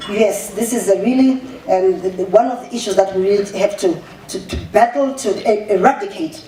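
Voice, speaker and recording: A Zimbabwean woman official giving an animated public speech, mixing English with Shona and restarting her sentences often. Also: medium pitch, brisk. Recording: echoey room, voice far from the mic, faint ambience.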